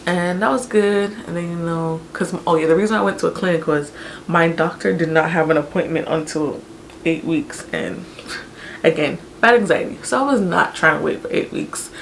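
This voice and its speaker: A young woman telling a personal story in a casual, animated, chatty way, with many fillers. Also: on the low side, moderate pace, gravelly, a little hiss or hum. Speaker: vlogger telling her birth story.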